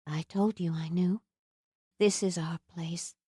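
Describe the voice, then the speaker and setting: Soft trusting young woman in love, read by a lady narrator, murmury and breathy, warm dry audiobook sound. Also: on the low side, fairly even intonation, takes it slowly, dry recording, exaggerated voice. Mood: tender.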